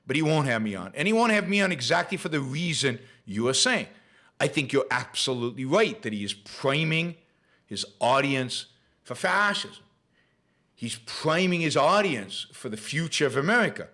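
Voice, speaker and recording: A man's voice: a little high, sing-song, moderate pace, sharp tone. A man hosting his own show, delivering an opinionated solo commentary monologue and repeating phrases for emphasis. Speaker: show host.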